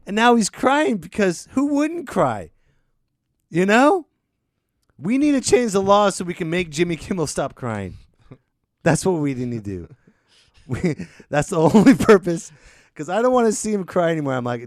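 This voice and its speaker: A man hosting a podcast, ranting sarcastically and swinging between loud and muttered. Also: fairly high pitch, sing-song, normal speed, no echo, studio quality. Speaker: podcast host. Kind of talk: casual ranting chat.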